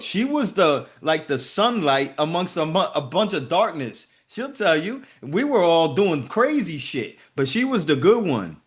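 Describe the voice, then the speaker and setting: A man hosting a group video call, giving casual motivational talk in a profane, emphatic way. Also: on the high side.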